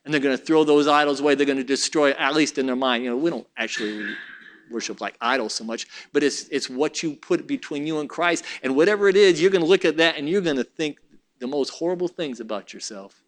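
A man preaching a sermon, reading scripture in a measured cadence and dropping to soft, low asides.

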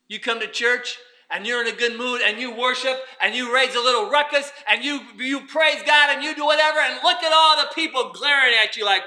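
Preacher guy, real high sharp voice, goes quiet then hollers. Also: animated, moderate pace. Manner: fervent preaching, swinging from hushed to shouting. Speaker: pastor. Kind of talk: sermon.

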